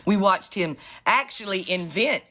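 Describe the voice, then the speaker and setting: A woman's voice: medium pitch, lively intonation, measured pace, pushed and bright. A woman co-hosting a podcast, giving sarcastic, profane political commentary and calling people honey. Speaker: podcast co-host.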